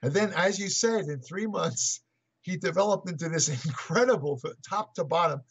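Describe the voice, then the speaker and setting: The guest, an older man who is a fitness writer, has a high-pitched, breathy voice at normal speed. He rambles through stories in a casual interview, restarting hesitantly and chuckling often, over muffled lo-fi audio.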